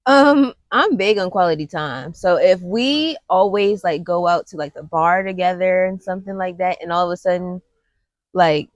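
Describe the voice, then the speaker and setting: A woman co-hosting a casual podcast chat, frank and quick to laugh, swearing freely. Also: fairly low pitch, lively intonation, no echo, highs cut off. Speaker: podcast co-host.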